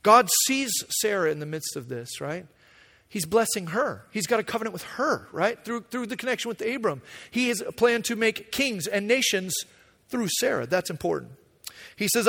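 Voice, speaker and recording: Man, pastor, sermon, higher voice, animated, acts out dialogue, echoing hall. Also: normal speed, creaky.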